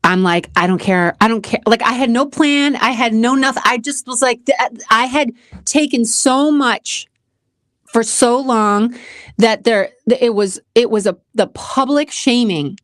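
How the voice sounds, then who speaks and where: A woman's voice: fairly high pitch, unhurried, no echo. Middle-aged woman, channel host, candid and emotional storytelling, dry close sound. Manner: emotional, repeats herself, addresses viewers as guys. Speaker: host of a self-help channel.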